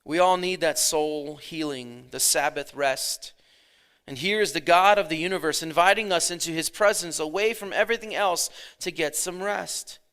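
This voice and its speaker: A pastor in his thirties giving a conversational sermon, dropping his voice low and then swelling for emphasis. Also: normal speed, fairly bright tone, clear, resonant tone.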